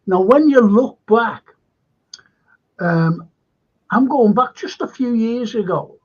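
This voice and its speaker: An older man with a Liverpool accent hosts a radio chat show and tells long, rambling anecdotes. His voice is husky, and the recording sounds dull and lo-fi. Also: very high-pitched, animated, slow pace. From Liverpool, England. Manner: rambling anecdotes, laughs while telling stories. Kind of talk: casual chat.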